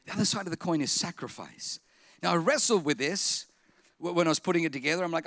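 High, bright-voiced animated male preacher. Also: fast, no echo. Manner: animated humorous storytelling, bursts into shouting. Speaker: pastor. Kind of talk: sermon.

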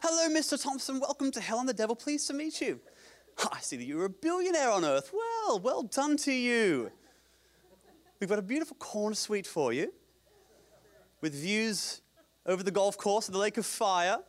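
A man's voice: high voice, big pitch swings, moderate pace, pitched above the performer's own voice. A man voicing a fawning male devil with a put-on English accent, greeting a wealthy newcomer like a hotel host. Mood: mock welcoming. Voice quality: fawning, mock-polite hotel host manner. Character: smarmy male devil greeting a rich arrival.

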